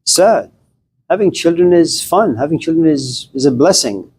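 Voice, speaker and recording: A man's voice: on the high side, expressive, normal speed, darkish tone, a little hiss or hum, pitched above the performer's own voice, natural voice. A man doing a doubtful young woman. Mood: questioning. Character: young pregnant woman, doubtful then anxious.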